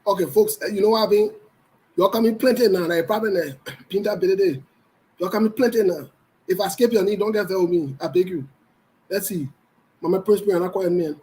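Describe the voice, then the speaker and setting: A man with a Liberian English accent runs a casual live show. He talks in a high register, greets viewers one by one and jokes loosely between topics. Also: fairly quick, darkish tone, low-quality recording. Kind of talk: casual livestream chat.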